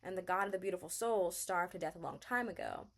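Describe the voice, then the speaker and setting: Young woman, book vlogger, excitable gushing rant with a slightly low voice. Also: fast, creaky. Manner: excitable, gushing, laughs often. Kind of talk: ranting book recap.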